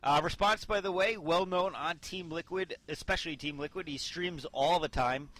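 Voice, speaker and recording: A man's voice: a little high, normal speed, a bit bright, no echo. A young man doing casual video game commentary, chatty and rambling with lots of fillers and asides.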